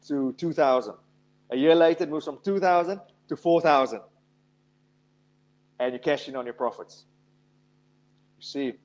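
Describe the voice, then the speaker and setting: A man's voice: a little high, darkish tone. A man giving a motivational talk on investing, emphatic and telling stories. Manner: emphatic, storytelling with acted quotes. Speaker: investment speaker.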